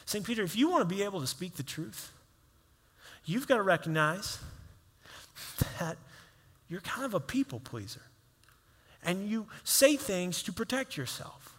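A man's voice: high-pitched, sing-song, measured pace, long pauses, fairly bright tone, slightly rough. Male pastor, conversational sermon in a reverberant hall. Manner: conversational preaching, acts out quoted voices.

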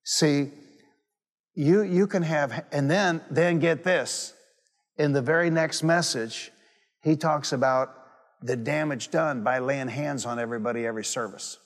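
A man's voice: on the high side, unhurried. Preacher man with a long hall echo. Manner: storytelling, repeats phrases for emphasis. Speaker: pastor. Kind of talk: sermon.

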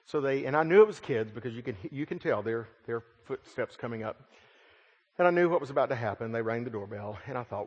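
Middle-aged male preacher, dynamic delivery, mid pitch, long hall reverb. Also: big pitch swings, brisk, husky, muffled recording. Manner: dynamic preaching, swelling loud then dropping soft. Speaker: pastor. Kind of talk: sermon.

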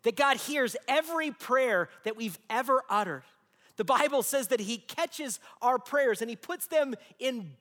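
A man in his forties delivers a sermon in a notably high voice. He mixes personal stories and light humor with rhetorical questions. His voice rings out with a long reverb, as if in a large hall. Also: a bit bright. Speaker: pastor.

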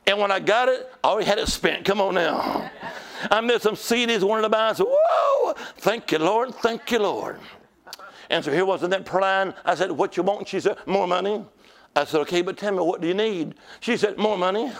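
A man preaching a sermon in a church, telling stories with shouts and call-outs to the congregation. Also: high-pitched, fast talker.

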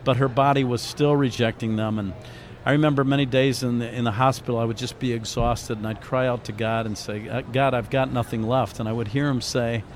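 A middle-aged man recounts a personal story with quiet earnestness, his voice sitting at an ordinary middle pitch. He speaks heartfelt and reflective. A faint noise sits under the recording. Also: steady tone, a little fast. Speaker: interview guest, author and ministry founder.

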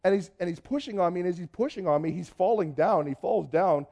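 A man from Canada, telling a personal testimony in a lively storytelling way, acting out dialogue and often restarting his sentences. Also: high voice, a little fast, creaky. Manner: lively, acts out dialogue, frequent restarts and repeated words. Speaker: speaker giving a personal testimony.

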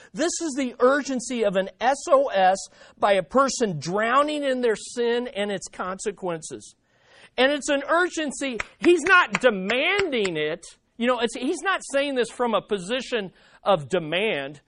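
A pastor preaching a sermon in an animated way, acting out desperate pleas. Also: mid-range voice, unhurried.

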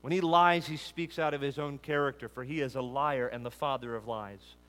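A man preaching an expository sermon, building emphatic lists that rise and then drop low. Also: fairly even intonation, a little fast, a bit bright. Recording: long hall reverb.

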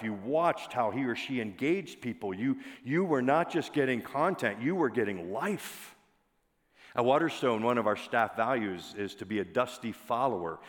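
A pastor with a low voice delivers a sermon in a reverberant hall. His manner is conversational, and he puts questions to the congregation.

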